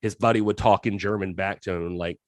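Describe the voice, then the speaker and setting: A man's voice: fairly low pitch, fairly even intonation, fast, dry recording, studio quality. A man co-hosting a casual film podcast, telling stories in a rambling way with many fillers and restarts. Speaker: podcast co-host. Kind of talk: casual chat.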